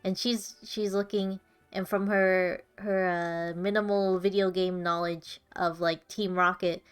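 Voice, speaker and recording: A woman's voice: mid-range voice, level tone, measured pace, clear, resonant tone. A woman playing in a tabletop game, describing her character with hesitant, giggly speech. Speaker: player. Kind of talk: casual tabletop role-play.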